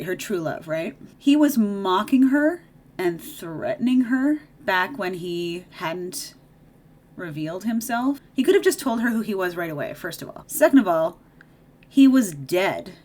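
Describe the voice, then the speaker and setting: A woman's voice: mid-range voice, expressive, unhurried, darkish tone. A woman giving a casual movie recap while doing her makeup, chatty and opinionated, with sarcastic asides. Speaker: video creator.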